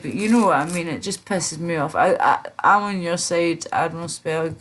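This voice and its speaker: A woman's voice: lowish voice, moderate pace, hardly any pauses, fairly bright tone, slight background noise. A woman livestreaming in casual chat, drowsy and rambling, with many fillers and trailing off. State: drowsy, slurred.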